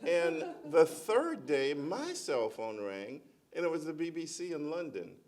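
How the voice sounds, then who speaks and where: At a conference panel, a middle-aged school principal tells a lively personal story, animatedly acting out the voices of the people in it. He speaks at a measured pace in a slightly high voice.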